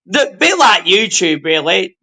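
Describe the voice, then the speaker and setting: A man's voice: high-pitched, very animated, a little slow, sharp tone. A man guest on a live stream, chatting in an easygoing, hesitant way with lots of ums and uhs. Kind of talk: casual chat on a live stream.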